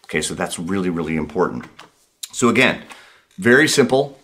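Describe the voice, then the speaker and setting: A man teaching a blues guitar lesson, speaking in a relaxed, reassuring way, repeating points for emphasis and counting beats out loud while he plays. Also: low-pitched, a little fast. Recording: guitar playing behind the voice.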